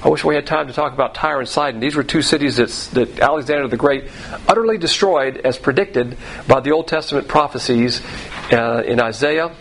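A man's voice: mid-range voice, a little fast, fairly bright tone, a little hiss or hum, low-quality recording. A man teaching the Bible verse by verse in a conversational way, repeating phrases and restarting sentences.

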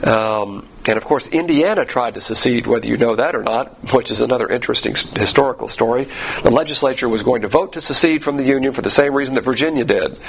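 Man, pastor, sermon, gravelly, emphatic, rhetorical questions. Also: medium pitch, fast, low-quality recording.

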